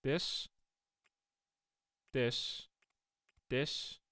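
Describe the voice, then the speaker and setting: Man, game streamer, excitable, bright tone, dry close sound. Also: medium pitch, extremely slow, no room sound. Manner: excitable, reacting aloud and bantering with chat. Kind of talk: live game-stream commentary.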